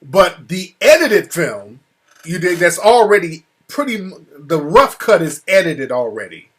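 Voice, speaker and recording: A man talking casually as an interview guest, telling a profane, animated story that gets heated. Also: high voice, unhurried, slightly rough. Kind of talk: casual phone-style conversation. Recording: call audio cutting out.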